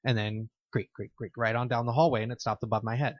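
A man's voice: mid-range voice, fast, lo-fi sound. A man on a podcast telling a story in casual chat, swearing freely and acting out the sounds he describes. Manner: profane, animated storyteller who acts out sounds. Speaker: podcast co-host.

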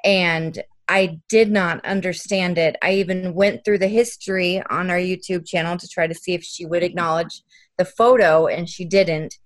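A woman's voice: on the low side, fairly even intonation, moderate pace. A young woman, a parent, telling detailed stories in an earnest way during an interview. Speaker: parent of an autistic child. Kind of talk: interview conversation.

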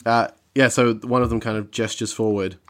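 A man narrating as game master over an online call, with a relaxed, wry and slightly halting delivery. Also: on the low side.

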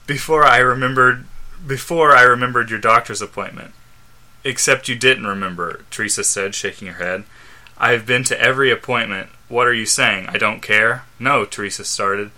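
A man's voice: medium pitch, sharp tone. Man reading fanfic aloud, stumbling. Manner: halting, stumbling reader who laughs at the text. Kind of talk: casual podcast reading aloud. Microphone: studio microphone.

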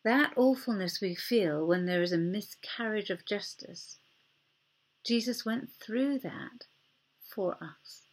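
A woman's voice: mid-range voice, slow. A woman pastor giving a sermon in an earnest, conversational way, acting out short quoted exchanges.

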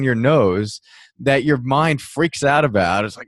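A low-pitched man talks casually and thoughtfully, slipping into quick mock voices for restless inner thoughts. The sound is close and dry, with no room around it. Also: dry recording. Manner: relaxed, reflective, acts out inner thoughts with laughs. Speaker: mindfulness teacher, guest. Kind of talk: conversational interview answer.

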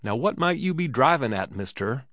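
A man's voice: medium pitch, very animated, moderate pace, fairly bright tone, no room sound, clean studio sound, voice pushed up. A man voicing the innkeeper's sullen young son, defensive and aggrieved, in a story reading. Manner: defensive, aggrieved, crude speech.

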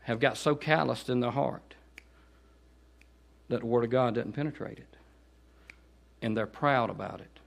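A man with a Southern accent preaching a guest sermon in a church, dropping to quiet asides and then rising into loud, pleading exhortation. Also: a little slow, creaky, pauses often. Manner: swings from low conversational asides to high shouted pleading. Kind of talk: Baptist sermon. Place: church sanctuary.

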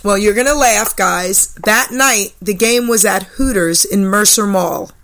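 An older woman hosting a radio talk show, telling a personal story in a chatty way. Her voice is bright and clear. She acts out the people she quotes. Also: medium pitch, unhurried. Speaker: radio host. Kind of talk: storytelling chat. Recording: radio broadcast.

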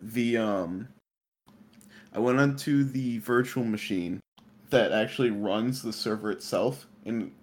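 A man who works in IT, telling a rambling workplace story in casual chat, full of fillers. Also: medium pitch. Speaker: IT worker.

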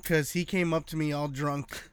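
A man's voice: on the high side, normal speed, clean tone, no room sound. A man telling stories in casual chat, swearing freely and acting out the people in them. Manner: profane animated storytelling.

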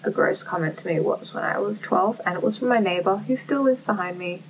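A woman's voice: mid-range voice, a little fast, distant mic, a little hiss or hum, low-quality recording. A young woman in casual conversation, speaking candidly, swearing freely and acting out what people said to her. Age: young adult. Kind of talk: casual chat.

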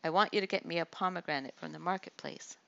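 A cocky teenage bully who drags out his taunts, slow and sneering, as a woman reads him. The voice sits low with a gravelly edge. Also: pushed and bright, muffled recording. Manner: mocking, slow deliberate taunting.

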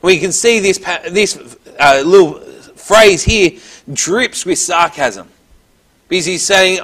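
His voice sits high and a bit bright, and he speaks unhurriedly. The man is giving a Bible teaching, reading out verses before explaining them simply, with small restarts here and there.

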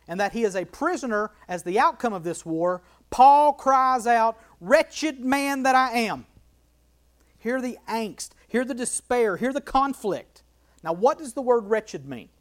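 Bible study teacher; emphatic, repetitive delivery, rhetorical questions, walks through a verse line by line. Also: mid-range voice. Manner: emphatic, repeats key phrases, asks rhetorical questions.

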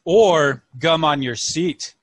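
A man's voice: on the high side, slow, no echo. A man on a casual podcast telling a long story, acting out the people in it with changing voices. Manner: animated, acts out characters in voices. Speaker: podcast co-host.

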